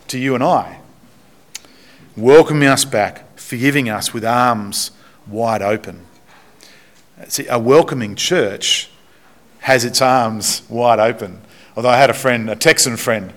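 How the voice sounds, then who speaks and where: A man preaching a sermon in church, animated and storytelling, often restarting his words. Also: medium pitch. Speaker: pastor.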